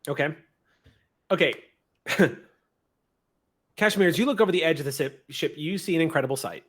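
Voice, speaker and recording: A man's voice: fairly high pitch, normal speed, a bit bright. A man running a tabletop game as game master, narrating scenes in a descriptive, playful way and laughing often.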